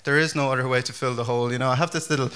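Pastor, male, bright ringing tone, chatty loose delivery with lots of fillers. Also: mid-range voice, rapid-fire. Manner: chatty, animated, many fillers and restarts. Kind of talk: casual conversational sermon.

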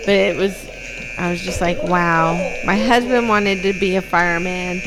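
A woman's voice: on the low side, steady tone, normal speed, over loud music, rough recording. A woman in her thirties co-hosting a podcast, telling stories in casual chat with giggles. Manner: giggly, storytelling. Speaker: podcast co-host.

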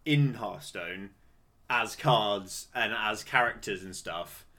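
Speaking slowly in a lowish, sharp-toned voice, a young Englishman co-hosts a casual podcast chat. Laughter comes often, and his rambling talk is full of restarts.

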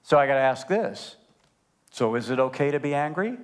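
An older man, grandfather of a toddler, preaching a sermon as pastor, animated and emphatic, swinging between loud emphasis and hushed asides. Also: mid-range voice, normal speed.

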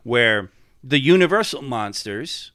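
Male podcast host, casual rambling chat, smooth clear voice, dry close mic. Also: mid-range voice, lively intonation, slow, sharp tone, dry recording. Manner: rambling, profane, enthusiastic.

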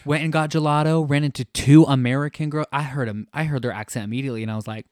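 A man's voice: medium pitch, steady tone, quick pace, darkish tone, dry recording, clean studio sound. Gushing man telling a travel story. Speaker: podcast co-host. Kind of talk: casual travel chat.

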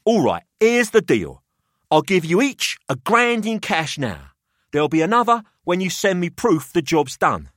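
A man's voice: sits high, wildly swooping pitch, moderate pace, a bit bright, no echo, studio quality, voice pushed up, full character voice. A man voicing a pushy, jovial older male collector who talks down to two young men. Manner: expansive, theatrical, patronising.

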